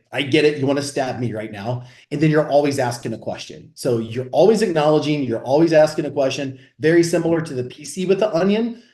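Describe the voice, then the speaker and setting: A man co-hosting a podcast, coaching on sales in an energetic, instructive way. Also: mid-range voice, roomy sound. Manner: energetic, instructive, explaining frameworks. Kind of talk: casual podcast chat.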